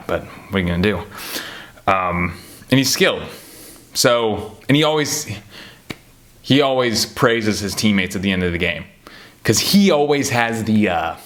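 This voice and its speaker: Man, American accent, young adult, low-pitched, casual rambling chat, animated. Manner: rambling and animated, laughs at his own stories. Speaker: basketball commentator.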